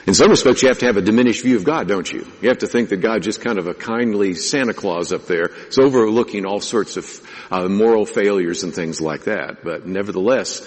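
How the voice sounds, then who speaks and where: Man, pastor, conversational sermon, rhetorical questions, husky, long hall reverb. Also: fairly low pitch, brisk, hardly any pauses.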